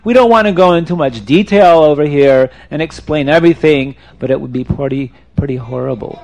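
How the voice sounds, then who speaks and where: A man telling a story aloud in an animated way, asking his listeners questions. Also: fairly high pitch, a little fast, gravelly, hardly any pauses.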